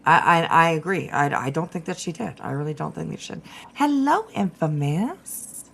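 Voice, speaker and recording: Gravelly, chatty woman livestream host. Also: sits low, big pitch swings, moderate pace, poor audio. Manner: chatty, agreeable, calls people sweetheart. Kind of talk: casual livestream chat.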